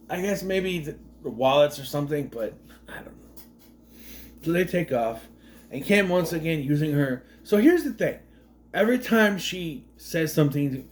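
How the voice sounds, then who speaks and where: Brief: man, casual movie recap host, rambling and sardonic, slightly high pitch. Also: moderate pace. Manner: rambling, with frequent fillers and restarts; sardonic, questioning asides.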